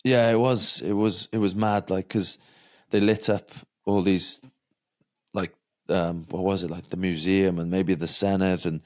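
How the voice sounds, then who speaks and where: Welsh man, 30s, deep low voice, relaxed, reflective, casual fillers, interview. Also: unhurried. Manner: relaxed, matter-of-fact, full of fillers like "like" and "you know". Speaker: professional cyclist. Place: lying on a massage table.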